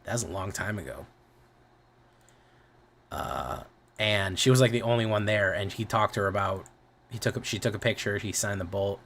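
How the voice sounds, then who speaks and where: A man's voice: lowish voice, normal speed, pauses often, fairly bright tone, a little hiss or hum. A man streaming, chatting casually, rambling and often correcting himself, with a lot of swearing.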